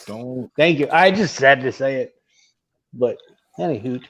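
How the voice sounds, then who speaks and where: A man's voice: medium pitch, animated, fairly bright tone. A man on a casual podcast, speaking in a mocking tone. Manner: mocking, slow and drawling. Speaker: podcast co-host.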